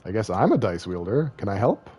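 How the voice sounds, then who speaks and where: A man's voice: fairly low pitch, very animated, a little fast, noisy background. A man streaming a video game, chatting casually and joking, rambling and slipping into silly voices. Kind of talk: casual gaming livestream commentary.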